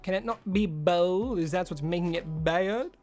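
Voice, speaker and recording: A man's voice: sits high, normal speed, darkish tone, soft background music. A man live-streaming a game, chatting casually with viewers, greeting them by name and rambling about his setup. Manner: chatty, greets chat by name, loose asides. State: recovering from a headache.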